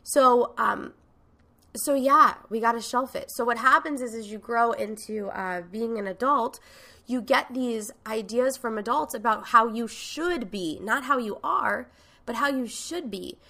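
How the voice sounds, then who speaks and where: A woman's voice: fairly high pitch, measured pace, vocal fry, sharp tone. A woman host and coach giving a frank, emphatic motivational talk, swearing casually now and then.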